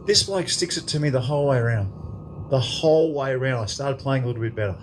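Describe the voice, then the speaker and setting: A fast-talking Australian in his fifties, medium in pitch, works the crowd at a club function room after dinner as guest speaker. His anecdote is lively and full of profanity, and there's some slight background noise.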